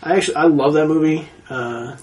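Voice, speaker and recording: A man on a casual movie podcast, talking quickly and with enthusiasm, stumbling over his words. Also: on the high side, darkish tone. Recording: slightly distant from the mic.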